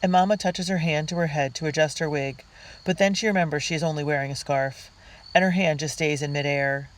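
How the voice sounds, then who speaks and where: A reader narrating a diary storybook in a girl's first-person voice, earnest and unhurried. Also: fairly high pitch, steady tone, rough recording. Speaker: audiobook reader.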